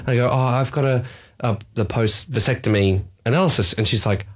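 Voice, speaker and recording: A man's voice: medium pitch, fairly quick. A young adult man with an Australian accent, co-hosting a casual podcast and telling a story with lots of acted-out quotes. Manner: animated storytelling, acts out quoted voices. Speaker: podcast co-host. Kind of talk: casual chat.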